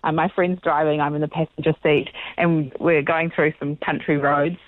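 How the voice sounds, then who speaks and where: A woman's voice: low-pitched, level tone, normal speed, no room sound. A woman, calling in to a radio show and telling a story in a dramatic, breathless way. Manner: breathless, dramatic, acts out the voices in her story. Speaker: caller. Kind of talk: animated phone-in storytelling. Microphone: phone call. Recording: tinny phone line.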